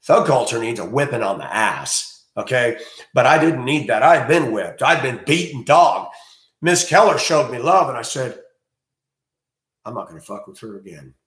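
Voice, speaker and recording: A man ranting crudely in a monologue, breaking into loud outbursts and mocking voices. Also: medium pitch, very animated, moderate pace, echoey room. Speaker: host.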